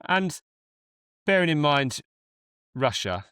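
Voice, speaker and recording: A man's voice: fairly high pitch, very animated, slow, fairly bright tone, smooth, dry recording, studio quality. A man hosting a casual political chat, hesitant, with many ums and restarts. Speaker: host.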